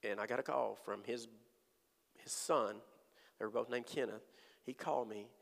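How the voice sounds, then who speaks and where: Male preacher, gravelly voice, lively storytelling testimony, long hall reverb. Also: mid-range voice, moderate pace. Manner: animated storytelling with voiced quotes. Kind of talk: sermon testimony.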